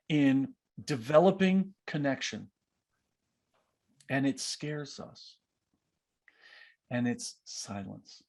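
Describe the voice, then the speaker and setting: A man coaching on leadership over a video call, his voice a little higher than most men's. He talks in an animated way and slips into the voices of the people he quotes. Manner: animated, acts out quoted speech. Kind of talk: online masterclass Q&A.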